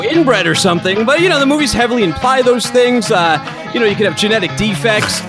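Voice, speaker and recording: Guy, higher voice, super animated, says like a lot, light music behind. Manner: animated, lots of "like" and "uh". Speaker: podcast co-host. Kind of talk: casual chat.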